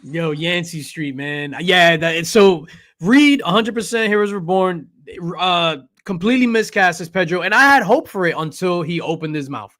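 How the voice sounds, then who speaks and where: A man's voice: sits high, lively intonation, moderate pace, a bit bright. A man on a pop culture talk panel, talking loosely with slang and jokes in casual chat. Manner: loose, jokey slang, clowns around with bits.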